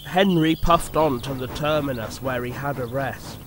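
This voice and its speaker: A man narrating a children's storybook in a slow, expressive, measured way. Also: mid-range voice, slight background noise. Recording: music playing under the voice.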